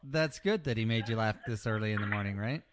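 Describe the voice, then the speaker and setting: A man's voice: lowish voice, fast, noisy background. A man hosting a radio show, chatting in an easygoing, dryly teasing way and taking callers. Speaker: radio host. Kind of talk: casual radio chat.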